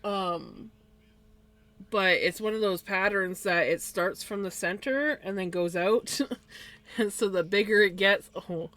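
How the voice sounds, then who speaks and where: A woman talks unhurriedly on a crafting livestream. She drifts into soft, doting coos for her pet and laughs easily, at a slow pace. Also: mid-range voice. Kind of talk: casual chat.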